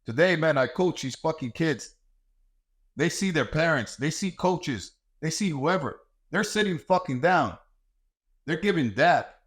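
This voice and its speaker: A man's voice: fairly high pitch, lively intonation, a little slow, husky. Blunt, profane man ranting. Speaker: podcast host and martial arts coach. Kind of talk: ranting monologue.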